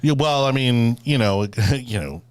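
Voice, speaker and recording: A man hosts a loose political talk show, circling his points with "you know" and plenty of restarts. His voice sits at an ordinary pitch and sounds dry and close, with no room around it. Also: animated, unhurried, dry recording. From Florida. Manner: rambling, many fillers and restarts. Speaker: podcast host. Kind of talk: casual political chat.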